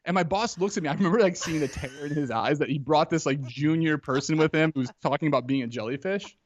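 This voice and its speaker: A man in his thirties, a podcast guest telling a personal story in a casual, animated way, full of "like" and acted-out quotes. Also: on the high side, quick pace, lo-fi sound.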